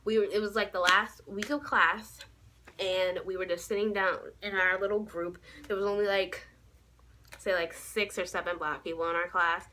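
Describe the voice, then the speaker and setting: A young adult woman vlogging, telling a casual story time in a sassy, animated way. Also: mid-range voice, moderate pace, a little hiss or hum, poor audio.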